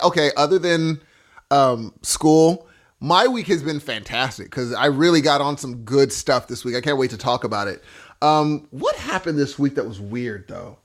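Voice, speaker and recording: Male co-host, 30s; loose slangy storyteller, slightly raised pitch, very lively intonation. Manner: slangy, rambling, says "G" and "bruh". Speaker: podcast co-host. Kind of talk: casual chat.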